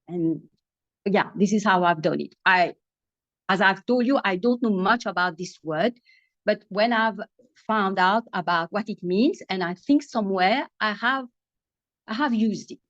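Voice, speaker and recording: A woman's voice: mid-range voice, normal speed, fairly bright tone, dry recording. Mauritian woman, english teacher, thoughtful, restarting sentences, dry muffled call. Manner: thoughtful, many restarts while explaining. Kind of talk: video call interview answer.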